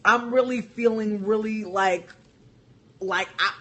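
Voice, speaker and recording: A man's voice: sits high, fairly even intonation, slow pace, sharp tone. A man ranting casually on a phone livestream, profane and rambling, with lots of "like" fillers. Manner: profane, rambling, heavy use of "like". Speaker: vlogger.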